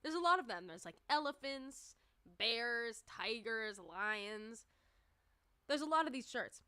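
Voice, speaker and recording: A woman's voice: a little high, expressive, takes it slowly, pushed and bright, smooth, no room sound. A woman chatting casually on a livestream, rambling and peppering her talk with "like.". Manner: rambling, chatty, many "like" fillers. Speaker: livestreamer and musician.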